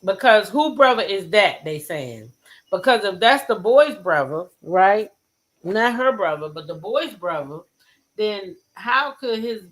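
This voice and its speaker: A woman hosting a casual gossip chat, blunt and animated, swearing freely as she talks to her viewers. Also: lowish voice, rough recording. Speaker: host.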